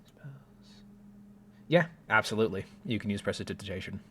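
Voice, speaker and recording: A man narrating a tabletop game as game master, describing scenes in a relaxed way with filler words. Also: fairly low pitch, fairly quick, breathy edge.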